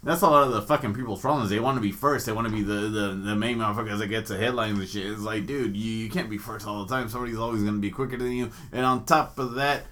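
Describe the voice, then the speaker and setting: A man's voice: on the low side, fast talker, hardly any pauses. A man co-hosting a podcast, ranting in crude, casual banter about fighting news and laughing often. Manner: profane, animated, laughing, ranting. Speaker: podcast co-host.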